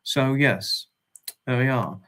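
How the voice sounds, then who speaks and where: A man hosting a casual livestream, greeting viewers by name with fond, repeated hellos in a drawn-out way. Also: medium pitch, fairly bright tone, clear, resonant tone. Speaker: livestream host.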